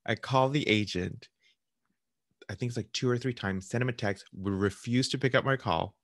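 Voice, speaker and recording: A man's voice: medium pitch, normal speed, no room sound, clean studio sound. A man, a realtor, telling a client a story in casual chat, acting out the voices of people on the phone. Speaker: realtor hosting a client interview.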